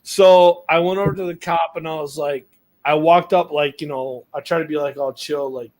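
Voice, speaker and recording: A man recounts a road mishap in relaxed podcast chat. His voice sits a little high for a man. He rambles, swears freely and leans on fillers. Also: normal speed. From United States. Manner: rambling, profane, full of fillers. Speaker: podcast co-host. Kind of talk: casual storytelling chat.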